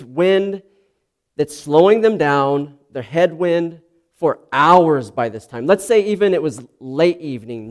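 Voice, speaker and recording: A man's voice: a little high, darkish tone. A man preaching a sermon, earnest and explanatory, often restarting his sentences. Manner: slow, earnest, with frequent restarts and ums.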